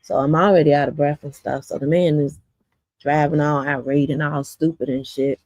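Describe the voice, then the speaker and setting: A woman's voice: sits low, steady tone, moderate pace, a little mellow, no echo. A woman from Chicago's south suburbs, a community vlogger, telling her viewers a story in a blunt, profane, rambling way with lots of fillers.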